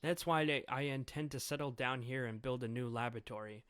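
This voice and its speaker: A man's voice: mid-range voice, brisk, a bit bright, smooth, dry recording, studio quality, lightly acted. A man voicing a brilliant woman scientist who explains her plans matter-of-factly, as he reads out a comic. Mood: explaining. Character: brilliant female scientist, brisk and scheming.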